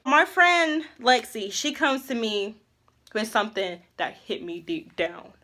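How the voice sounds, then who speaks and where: A young woman vlogs her story in a high, bright voice. She rambles casually, heavy on fillers and slang, and stays animated. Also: measured pace. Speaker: vlogger.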